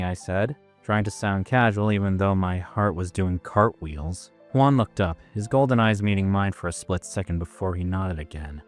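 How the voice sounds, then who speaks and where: A man's voice: lowish voice, expressive, moderate pace, soft background music. A man narrating a story in the first person, in a casual, self-mocking manner.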